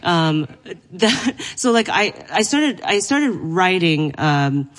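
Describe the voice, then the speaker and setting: A woman's voice: on the low side, slow. A woman comedian, a guest on an interview show, telling stories about her life in a chatty way with lots of fillers and frequent laughs. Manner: animated storytelling with lots of fillers, laughs often. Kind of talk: casual interview chat.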